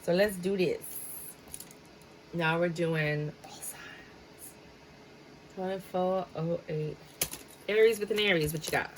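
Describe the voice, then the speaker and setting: A woman's voice: on the low side, fairly even intonation, moderate pace, pauses often, a little hiss or hum, low-quality recording. A woman giving a casual tarot reading, chatty and dramatic, sometimes slipping into a sing-song tone. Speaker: tarot reader.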